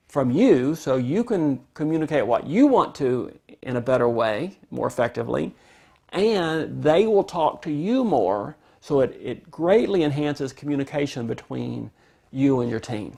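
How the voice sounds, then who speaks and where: A man's voice: fairly high pitch, gravelly, darkish tone. A man giving an informal parenting lesson, talking conversationally and acting out sample replies to a child. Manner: conversational, restarts phrases, acts out sample replies. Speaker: parenting instructor. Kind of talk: informal instructional talk.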